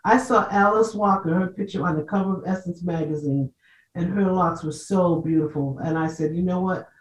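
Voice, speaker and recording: A woman's voice: fairly low pitch, fairly quick, slight background noise. An older woman guest in a casual panel chat, speaking firmly and emphatically as she tells stories from her own life. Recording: roomy sound, distant from the mic.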